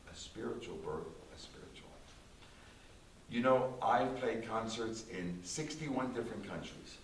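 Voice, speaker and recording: Low-voiced man testifying in a roomy church. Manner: emphatic, repetitive, with dramatic slow phrasing. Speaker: concert pianist giving a testimony. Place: small church. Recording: roomy distant church recording with faint hiss.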